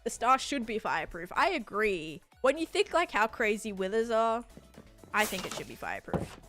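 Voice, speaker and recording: A woman's voice: on the high side, sing-song, moderate pace, fairly bright tone, soft background music. A young woman live-streaming a game, chatting casually with viewers in a rambling way with lots of fillers. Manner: patiently over-explaining to chat. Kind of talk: casual live gameplay chat, answering viewers.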